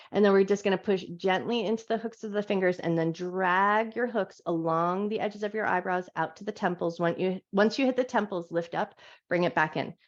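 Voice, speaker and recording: A woman teaching a live yoga class on a clip-on mic, giving soft, soothing guided cues. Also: medium pitch. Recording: dull lo-fi live class audio.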